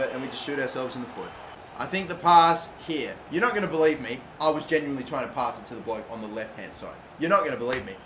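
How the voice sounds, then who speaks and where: A young man commentating his own football video game, swearing constantly and bursting into loud, frustrated outbursts. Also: mid-range voice. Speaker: gaming YouTuber. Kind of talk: live gameplay commentary. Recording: echoey room, faint background noise.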